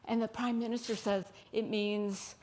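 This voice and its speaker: A woman with an American accent giving an informal sermon in a church, chatty and quick to laugh as she tells stories. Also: mid-range voice, little pitch movement, a little mellow, slight background noise. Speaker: speaker at a spiritual center service. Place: church sanctuary.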